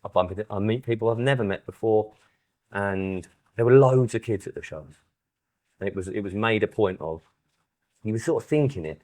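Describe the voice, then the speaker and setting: Bloke in his thirties, very low voice, casual podcast co-host who tells anecdotes with gusto. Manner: animated storyteller who acts out quoted exchanges. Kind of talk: casual chat.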